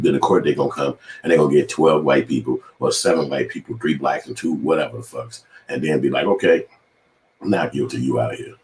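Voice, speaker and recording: A man's voice: extremely low pitch, echoey room. A man giving heated, profane commentary on the news, talking in an impassioned rant.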